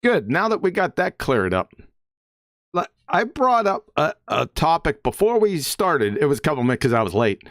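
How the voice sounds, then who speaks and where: A curious man on a podcast keeps asking questions and laughs often. His pitch swings a lot, and the sound is dry and close. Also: sing-song, normal speed, fairly bright tone, no room sound. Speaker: podcast co-host. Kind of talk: casual chat.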